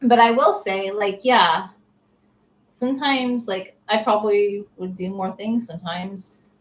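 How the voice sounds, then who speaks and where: A woman's voice: mid-range voice, fairly even intonation, unhurried, low-quality recording. A young adult woman chatting casually to camera as a vlogger, opinionated and full of "like" fillers.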